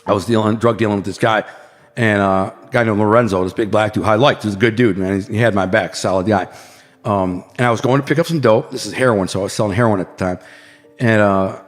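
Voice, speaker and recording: A man's voice: lowish voice, fast. Slangy storytelling man, hall echo. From Detroit, United States. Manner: vivid, slangy, acts out scenes with sound effects. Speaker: podcast guest. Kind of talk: casual storytelling. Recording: long hall reverb, faint music behind.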